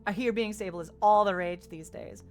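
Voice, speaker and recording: A woman's voice: medium pitch, brisk, a little mellow, soft background music. A woman streaming a game live, chatting casually, emotional and giggly.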